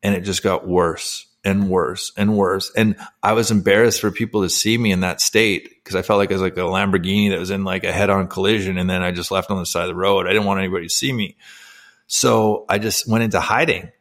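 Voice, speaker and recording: A man's voice: low voice, steady tone, a little fast, a bit bright. A man in his forties, a former athlete turned coach, telling his personal story as an interview guest, candid and emotional, with many fillers.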